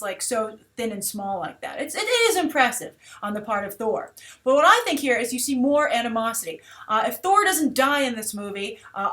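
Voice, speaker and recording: Chatty woman reviewing a trailer. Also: fairly high pitch. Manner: chatty, animated, with many fillers. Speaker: host of a movie trailer review show. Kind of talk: casual commentary.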